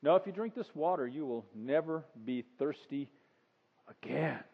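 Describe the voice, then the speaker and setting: A man voicing Jesus in a calm, measured way, close to his own speaking voice. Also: fairly high pitch, gravelly, slightly rough, full character voice. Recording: dull sound with long reverb.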